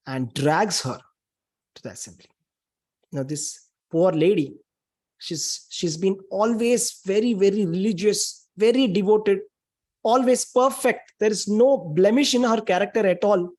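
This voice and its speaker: Husky-voiced man telling a sacred story. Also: high voice. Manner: emphatic, dramatic storytelling with heavy repetition. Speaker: spiritual speaker. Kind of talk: sermon retelling a scripture story.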